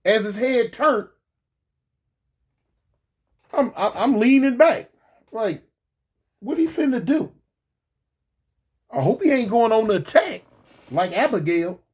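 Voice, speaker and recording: An animated storyteller with a husky voice, spinning a casual tale in slangy speech. The pitch swings widely, and the teller keeps repeating words and slipping into acted-out voices. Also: a little slow, pauses often. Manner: acts out voices in quotes.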